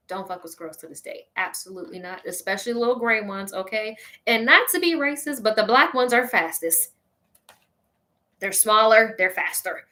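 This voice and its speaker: A woman hosting a show, telling a funny personal story in an animated, exclaiming way, talking straight to her listeners. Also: on the high side, brisk. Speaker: host.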